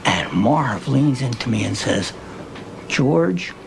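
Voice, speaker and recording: An actor playing an older small-town barber, who tells folksy stories slowly with a gravelly voice. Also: male voice, mid-range voice, animated, a little hiss or hum. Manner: slow, folksy storytelling.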